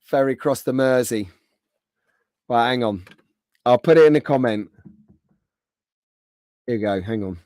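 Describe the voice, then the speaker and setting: A chatty man hosting a live stream with a rough throat, clearing it often as he answers viewers by name. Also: mid-range voice, measured pace, long pauses, darkish tone, no room sound. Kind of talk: casual live stream chat.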